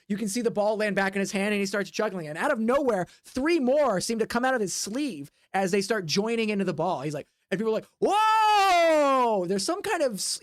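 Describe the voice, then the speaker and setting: A woman's voice: mid-range voice, no room sound, clean studio sound. A woman narrating as game master of a tabletop game, rambling with many fillers and sound effects. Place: home desk.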